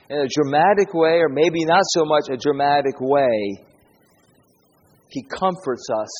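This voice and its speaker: A man preaches with a husky, slightly breathy voice of middling pitch. He repeats key lines and poses rhetorical questions with earnest conviction. The recording is dull and lo-fi, with a long echo from a large church hall. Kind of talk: sermon.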